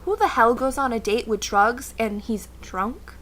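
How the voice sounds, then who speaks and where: A woman's voice: on the high side, lively intonation, a little slow, a bit bright, a little hiss or hum. A young woman vlogging a casual storytime rant, sarcastic and exasperated as she tells it.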